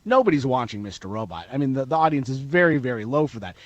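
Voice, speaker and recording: A man's voice: medium pitch, big pitch swings, quick pace, dry recording, dull audio. A man reporting as an entertainment correspondent in a radio interview, chatty and laughing as he tells anecdotes.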